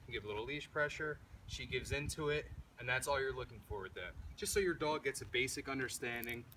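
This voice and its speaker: A man's voice: mid-range voice, sharp tone. Man, dog trainer, matter-of-fact instructor, outdoor street recording, distant camera mic, traffic noise. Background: passing vehicles and street ambience.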